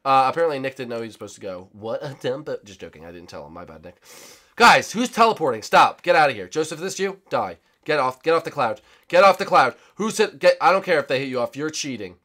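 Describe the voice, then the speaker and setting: A young man hosting a gaming channel, giving excitable, teasing commentary with sudden shouts. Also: mid-range voice, quick pace. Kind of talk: casual game commentary.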